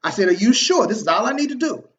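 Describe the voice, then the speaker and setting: A man telling a personal story to his viewers in a casual, motivational way, slangy and animated, acting out the people he quotes. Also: high voice, fast talker. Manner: animated, slangy, repeats himself and acts out quoted dialogue. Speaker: online marketing video host.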